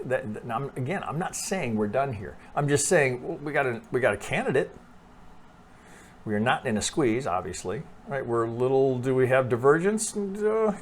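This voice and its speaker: A man's voice: mid-range voice, slight background noise. A man talking casually through trading charts, thinking aloud with restarts, frequent "right?" and blunt swearing. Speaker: trading analyst. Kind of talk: casual chart analysis over screen share.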